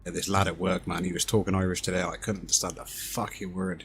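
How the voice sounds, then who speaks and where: A man's voice: deep voice, level tone, quick pace, creaky, over music. A man streaming a space game, chatting casually, swearing freely and laughing easily. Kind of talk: casual gaming chat.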